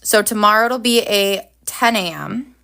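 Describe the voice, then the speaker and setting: A woman's voice: mid-range voice, measured pace, vocal fry, bright, forceful tone. A woman hosting a live planner session, chatting casually and cheerfully with viewers while she draws. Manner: chatty, upbeat, talks to viewers while working. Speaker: planner livestream host.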